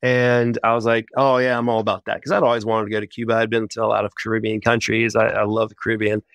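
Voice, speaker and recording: A man, a missionary guest on a podcast, telling his story in a casual, animated way. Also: fairly low pitch, no echo. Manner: animated, chatty, quick bursts.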